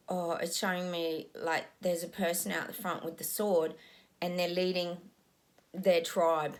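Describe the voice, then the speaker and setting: A woman giving a casual psychic reading, musing aloud with frequent ums as she describes what she is being shown. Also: lowish voice.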